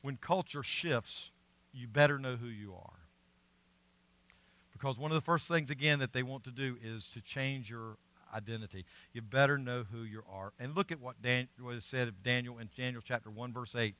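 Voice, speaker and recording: A middle-aged man preaching a sermon as pastor, earnest and emphatic, swinging between loud stressed words and quiet asides. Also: mid-range voice, moderate pace. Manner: earnest, emphatic preaching with rising and falling volume.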